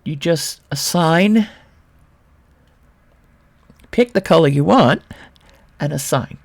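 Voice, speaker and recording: A woman's voice: sits low, lively intonation, slow, vocal fry, darkish tone. A woman from Brooklyn giving a casual screen-share tutorial on 3D modeling, thinking aloud with wry, self-mocking asides. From Brooklyn, New York.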